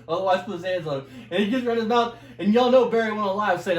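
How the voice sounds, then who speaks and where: A man in his twenties tells a profane story in casual chat, animated and laughing as he goes. His voice sits high for a man. The room around him echoes. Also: fast talker, few pauses. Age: 20s.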